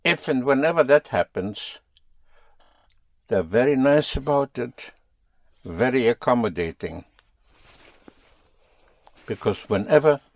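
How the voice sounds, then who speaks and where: A man's voice: medium pitch, no room sound. Man teaching a language lesson. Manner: patient, drilling students with questions.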